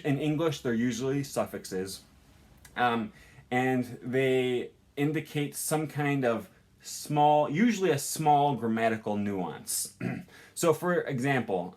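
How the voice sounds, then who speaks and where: A young man teaching a casual language lesson, chatty and informal, with many ums and uhs. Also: medium pitch. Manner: chatty, lots of ums and uhs, laughs at own examples.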